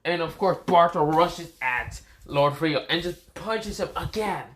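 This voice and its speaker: Rambling, animated male storyteller. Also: a little high, unhurried. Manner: rambling, self-correcting, many fillers. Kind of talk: casual improvised fan story narration.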